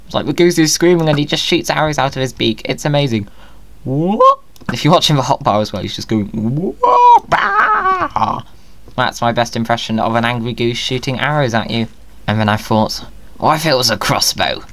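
A man's voice: medium pitch, fast talker, fairly bright tone, no room sound. A man giving playful, jokey commentary over his own gameplay, often talking to himself. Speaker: Minecraft video creator.

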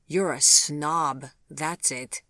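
An audiobook reader voicing Vivian, a flustered grandmother who teases and then squirms, in a higher voice than the narration. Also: fairly even intonation, extremely slow, bright, forceful tone, no room sound, studio quality, full character voice. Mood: teasing. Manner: teasing, then awkward and defensive. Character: flustered new grandmother, a woman.

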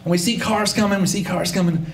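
A man's voice: high voice, fast talker, gravelly, echoey room. A man performing a funny personal story at a live storytelling show, acting out the voices of the people in it. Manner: animated, acts out voices, audience laughter. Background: audience laughter.

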